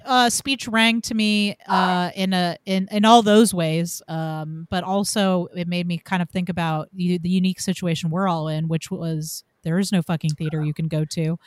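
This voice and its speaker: A woman's voice: fairly low pitch, fairly even intonation, normal speed, hardly any pauses, dry recording. A woman hosting a casual discussion show, talking her thoughts through at length and steering the conversation. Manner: thoughtful, circling back to her point. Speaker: podcast host.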